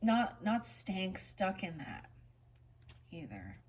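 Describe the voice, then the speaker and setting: A woman reading oracle cards in a casual spiritual vlog, switching between slow, gentle card readings and rambling chatty asides. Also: medium pitch, very animated, breathy edge. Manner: reads card meanings in a soft, slow cadence.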